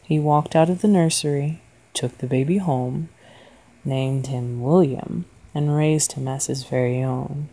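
Brief: woman storyteller, slow and deliberate, low voice with a gravelly rasp. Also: steady tone, rough recording. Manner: quiet and deliberate. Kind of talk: horror story narration.

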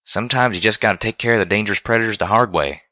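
A man's voice: on the low side, very fast, pushed and bright, dry recording, pitched above the performer's own voice. Country-talking female farm pony, voiced by a man, drawling, dry close sound. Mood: folksy. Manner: folksy rural drawl.

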